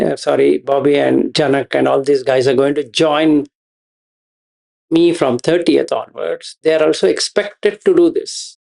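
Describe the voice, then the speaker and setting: Slow gravelly male teacher. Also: on the high side, darkish tone. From India. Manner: slow, repetitive explaining with questions to listeners. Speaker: meditation teacher. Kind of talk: dharma talk to students.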